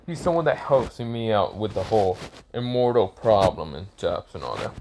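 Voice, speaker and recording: A man's voice: lowish voice, big pitch swings, moderate pace, darkish tone, slight background noise. A man voicing Death, a towering male god who speaks in solemn, domineering pronouncements in a fan-made story. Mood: stern.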